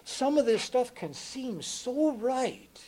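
An older man preaching a sermon, earnest and emphatic, often repeating words and dropping from loud emphasis to hushed tones. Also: very high voice, very animated, slow pace, rough recording.

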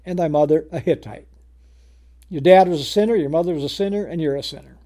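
A man preaching a sermon, reading scripture aloud in old-fashioned wording and explaining it in plain speech, often repeating words and rising to loud emphasis on key words. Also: sits high.

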